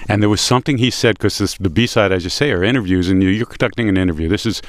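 Radio host, male, very deep voice, dry close mic, chatty and eager. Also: quick pace, dry recording. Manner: enthusiastic, conversational, with fillers. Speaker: radio music show host. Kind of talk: radio interview.

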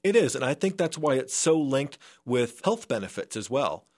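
A man's voice: mid-range voice, big pitch swings, normal speed. A man speaking as a scientist guest in a remote radio interview. He explains earnestly and often restarts his sentences. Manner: earnest, with frequent restarts and fillers.

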